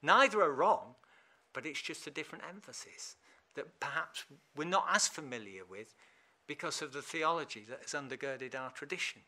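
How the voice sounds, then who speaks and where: Lively, bright-voiced preacher man. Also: fairly high pitch, moderate pace. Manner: chatty and animated, laughs often. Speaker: lay preacher. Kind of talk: informal sermon. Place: church.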